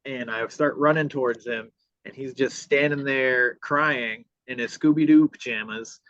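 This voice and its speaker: A man's voice: medium pitch, fairly even intonation, unhurried, fairly bright tone, no room sound. A man hosting a podcast, telling a personal story in a casual, profane way and acting out what people said. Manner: profane, re-enacts dialogue. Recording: dull lo-fi sound.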